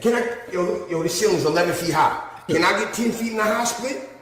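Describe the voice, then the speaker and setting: A man in his forties teasing his son and shouting with profanity during casual livestream banter. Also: high voice, fairly quick. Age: 40s. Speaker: father on a livestream. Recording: echoey hall with faint noise.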